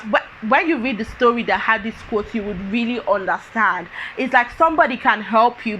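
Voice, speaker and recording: A woman's voice: on the high side, sharp tone, a little hiss or hum, rough recording. A woman giving a casual book review, thinking aloud with many fillers and restarts.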